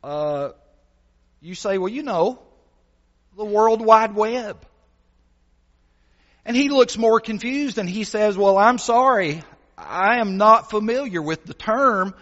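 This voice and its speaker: A man preaching a sermon as a visiting gospel preacher, earnest and animated as he tells a story, with many fillers. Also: high voice. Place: church hall. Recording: dull sound, long church reverb.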